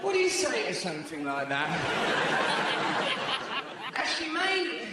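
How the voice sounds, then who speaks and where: A loud crowd and heavy background noise surround a man telling a rambling stand-up story in an echoey live theatre hall on a large stage, with the audience laughing. His voice is a little high and he talks fast, animated and saying "right?" constantly.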